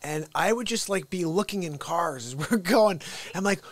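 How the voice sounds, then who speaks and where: Man, talk show host, lively swinging pitch, dry close sound, mocking storyteller. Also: normal speed, no room sound. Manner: animated storytelling, mocking outbursts. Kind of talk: casual live-stream chat.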